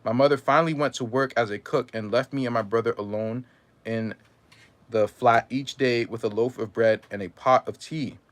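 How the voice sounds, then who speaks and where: A man at a mid-range pitch reading a first-person memoir aloud. His reading is measured and steady. Now and then he stumbles and corrects himself. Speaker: reader.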